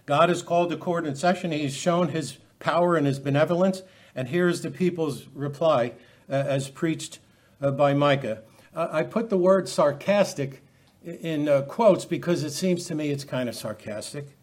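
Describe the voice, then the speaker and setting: A man's voice: on the high side, moderate pace, darkish tone. A middle-aged man preaching a sermon, emphatic and full of rhetorical questions.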